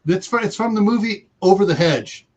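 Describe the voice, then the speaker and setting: A man with a somewhat raised pitch chats casually on a livestream. He hunts for words as he goes and leans on lots of ums and uhs. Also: expressive, crowd noise. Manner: halting, searching for words with many fillers. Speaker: co-host of a livestream chat. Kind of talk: casual chat.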